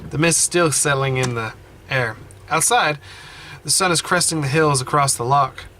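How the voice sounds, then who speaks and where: At home, a man plays a story game and reads its text aloud, giving animated running commentary and often correcting himself. His voice is on the high side at a moderate pace, picked up by a desk mic while he wears headphones, with a little hiss or hum.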